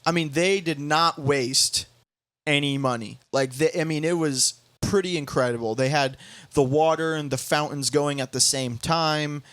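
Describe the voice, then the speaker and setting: Animated young man, halting retelling. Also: fairly high pitch, no room sound. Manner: animated, halting with many restarts, quoting others in bouncy voices. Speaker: podcast host. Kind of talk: casual storytelling chat.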